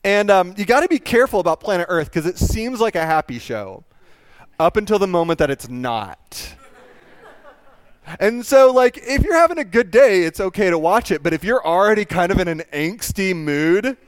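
A young man telling a personal story in a lively, self-mocking way, with many fillers and restarts. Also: sits high, normal speed, no echo. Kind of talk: storytelling talk.

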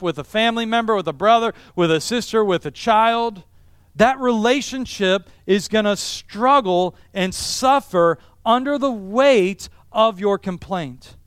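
High, smooth-voiced man preaching a sermon. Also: a bit bright, no room sound, clean studio sound. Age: middle-aged. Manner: emphatic, repetitive preaching cadence. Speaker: pastor.

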